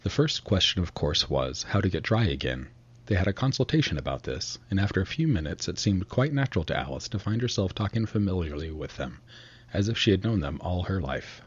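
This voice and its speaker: A man giving measured audiobook narration of a classic storybook. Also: low voice, sing-song, breathy edge, highs cut off.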